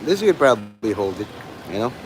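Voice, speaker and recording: A man's voice: on the low side, very animated, fairly quick, noisy background. Rambling, profane man streaming outdoors. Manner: profane, meandering, full of fillers. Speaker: livestreamer. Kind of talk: rambling live stream monologue. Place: outdoors in the rain. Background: rain.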